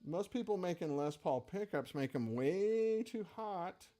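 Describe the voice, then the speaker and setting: A middle-aged man talks through a casual livestream for his gear shop, rambling and poking fun at himself. He sounds tired, and his voice sits a little high. An electric guitar plays faintly behind him. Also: expressive, a little slow, dark tone. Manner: chatty, rambling, self-deprecating.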